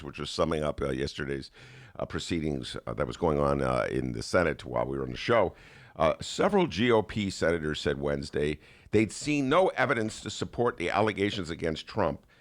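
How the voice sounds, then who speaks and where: A man hosting a podcast from a studio, riffing on politics with mocking sarcasm and loose, animated talk. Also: fairly low pitch. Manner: animated, mocking, shifts into put-on voices. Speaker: podcast host. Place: radio studio.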